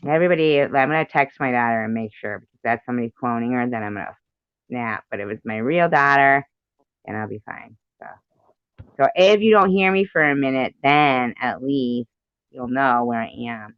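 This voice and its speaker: A woman's voice: a bass voice, moderate pace, clear, resonant tone, no echo. Giggly rambling woman on a muffled stream. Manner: giggly, rambling, often laughing. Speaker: livestream host. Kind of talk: casual livestream chat. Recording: muffled dry livestream audio.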